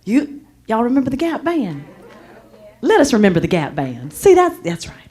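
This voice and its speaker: A woman, speaking as a motivational speaker and telling a story to a live audience with lively, animated turns between loud and soft. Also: on the high side, normal speed, a faint crowd.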